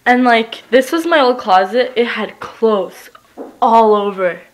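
A young woman giving a casual, giggly tour of her old basement, swearing freely and getting animated as she tells stories. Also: a little high, unhurried, a little hiss or hum. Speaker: vlogger giving a house tour. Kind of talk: casual rambling vlog tour. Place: empty basement of an old house, indoors.

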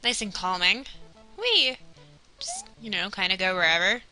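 Young woman chatting thru a game, super bright voice, gets excited and yells at the game, faint music behind. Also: medium pitch, a little fast, rough recording. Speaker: let's player. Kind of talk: casual gameplay commentary.

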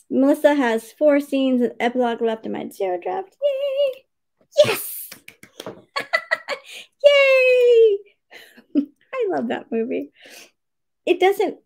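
A woman's voice: high voice, vocal fry, dark tone. A woman hosting a casual livestream writing sprint, cheerfully greeting viewers by name, reading their comments aloud and laughing often.

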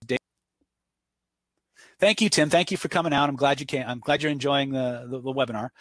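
A man with a husky voice leads a live online class, answering questions as they come in. He drifts easily into anecdotes to make his points. His voice sounds dry and close, with no room around it. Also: mid-range voice, fairly quick, a bit bright, dry recording. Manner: answers viewer questions off the cuff. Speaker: webinar instructor. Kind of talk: live webinar teaching and Q&A.

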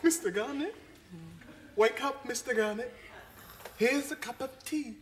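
An actress playing a woman who softly coaxes an old man awake with a cup of tea. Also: high voice, unhurried, a little hiss or hum. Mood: coaxing.

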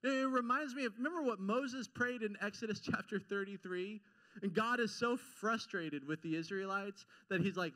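A male pastor giving an informal, animated sermon to a congregation, acting out quotes and joking at his own expense. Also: sits high, moderate pace. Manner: animated and informal, acts out quotes, self-deprecating jokes. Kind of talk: conversational sermon. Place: church sanctuary before a congregation.

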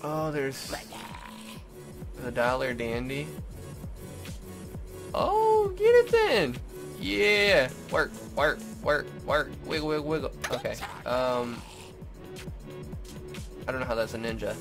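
Giggly, slow-talking gameplay commentator man. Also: mid-range voice, wildly swooping pitch. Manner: giggly, rambling, reacts aloud to the game. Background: game music and sound.

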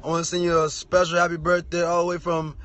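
A man's voice: a little high, monotone, fast talker, a bit bright, highs cut off. A man from the United States sending a birthday message, earnest and heartfelt. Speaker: family friend sending a greeting. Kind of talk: casual spoken message.

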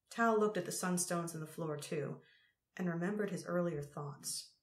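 A woman narrating an audiobook chapter in a measured, unhurried reading. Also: fairly low pitch. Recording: roomy echo.

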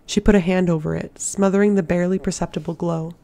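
An amateur audiobook narrator reading a fantasy novel in a steady, measured way. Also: medium pitch, vocal fry.

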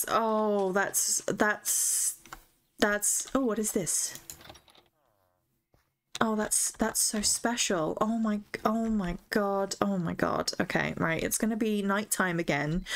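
A woman's voice: medium pitch, slow. A young woman chatting casually while playing a game, gushing over what she finds and talking to herself and the in-game animals. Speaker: gaming streamer. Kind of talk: casual gameplay chat.

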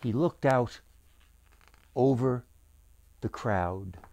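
A man's voice: mid-range voice, drawn-out words, a little mellow, no room sound. A man as author reading his own storybook aloud, with acted voices for the characters.

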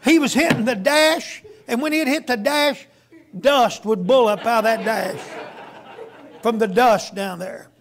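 A man's voice: very high voice, unhurried. A man preaching a sermon as a guest preacher, telling a story in a folksy storytelling way.

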